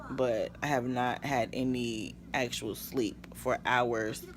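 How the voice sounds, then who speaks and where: A woman's voice: rumbling low, fairly even intonation, takes it slowly. A young woman, worn out from lack of sleep, rambling through a casual vlog update with sighs. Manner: tired, rambling, with sighs and yawns. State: exhausted from no sleep. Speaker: vlogger.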